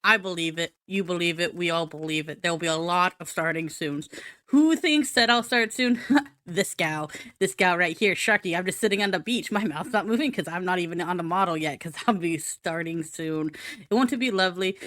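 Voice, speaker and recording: Bright, playful young woman streamer. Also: on the low side, brisk, no room sound, studio quality. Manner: playful, silly, sing-song repetition; chats directly to viewers in chat. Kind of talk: casual live-stream chat. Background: faint background music.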